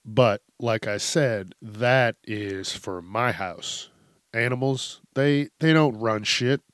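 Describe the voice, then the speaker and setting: A podcast host tells casual, profane comedic stories and laughs often, his mid-range, somewhat bright male voice taking things slowly. The sound is clean studio audio with no room sound.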